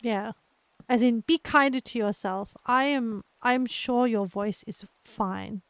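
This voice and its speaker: A young woman with an Australian accent, chatting gently and encouragingly with her live viewers as a streamer, laughing often. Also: on the high side, slow pace, no echo. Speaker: livestreamer. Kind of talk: casual chat with live viewers.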